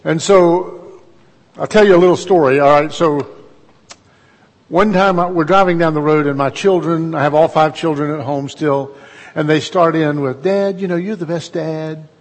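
A man's voice: a little high, fairly even intonation, moderate pace, in a large hall. A middle-aged man, preaching a conversational sermon in a folksy, storytelling way and putting questions to his listeners.

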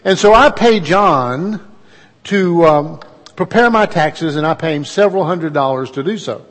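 A man's voice: on the high side, animated, unhurried, fairly bright tone, in a large hall. A middle-aged man, preaching a conversational sermon in a folksy, storytelling way and putting questions to his listeners.

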